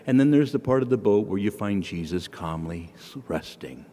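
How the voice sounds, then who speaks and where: A priest preaches to his congregation and tells stories in a relaxed, folksy way. His voice rises and falls in a lively sing-song. A long church reverb trails behind each phrase. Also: on the low side, moderate pace, slight background noise. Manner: folksy, storytelling with homely asides. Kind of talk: sermon.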